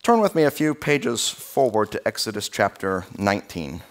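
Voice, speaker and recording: A man preaching a sermon as pastor in a church, in a conversational, animated storytelling way. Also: on the low side, moderate pace. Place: church sanctuary.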